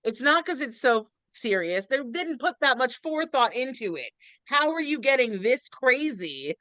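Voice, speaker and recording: Animated woman on a playful rant. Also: sits high, moderate pace, dry recording. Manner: playful mock-outraged ranting. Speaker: podcast guest. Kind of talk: casual chat.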